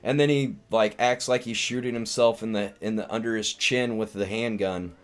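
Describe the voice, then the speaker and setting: A man's voice: fairly low pitch, steady tone, normal speed, clean tone. A man hosting a live stream, casually recapping a film in a rambling way with lots of restarts and filler words. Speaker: live-stream host, comedian.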